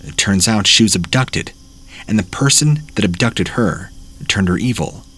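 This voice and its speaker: Man, horror story narrator, very low voice, husky, plain steady reading. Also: normal speed. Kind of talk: reading first-person horror stories.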